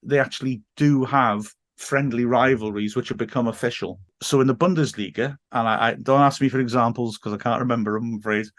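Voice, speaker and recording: A man's voice: mid-range voice, steady tone, a little fast, hardly any pauses, fairly bright tone, no room sound. English guy chatting on a podcast, rambly, laughs a lot, dry mic sound. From England. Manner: chatty, digressive, laughs often. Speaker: teacher and football guest. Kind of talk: casual podcast chat.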